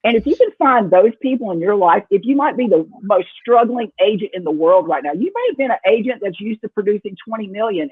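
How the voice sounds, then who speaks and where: A man's voice: high-pitched, breathy edge, no room sound. A man on a panel speaking earnestly and emphatically, repeating phrases. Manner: earnest, emphatic, uses repetition. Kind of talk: casual panel talk. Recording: tinny phone-like call audio.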